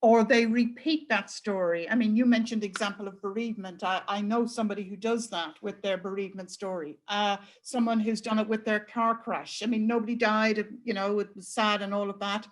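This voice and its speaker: A woman's voice: mid-range voice, fairly even intonation, fairly quick, few pauses. A woman with a British accent, a webinar participant, talking in a rambling, hesitant and frank way over a video call.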